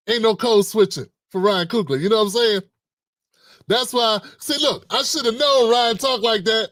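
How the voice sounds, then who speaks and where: Give me a middle-aged male host doing a livestream, high-pitched, dry sound, joking and slangy. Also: moderate pace, a bit bright, dry recording. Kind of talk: livestream commentary.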